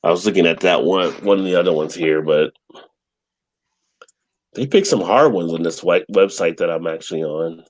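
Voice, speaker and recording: A man hosting a casual live stream chat, rambling in a relaxed way and laughing often. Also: low-pitched, moderate pace, pauses often.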